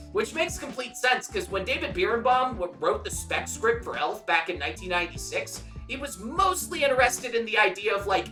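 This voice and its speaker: Man, podcast co-host, casual movie review, profane and jokey, bright voice, slightly distant mic. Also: sits high.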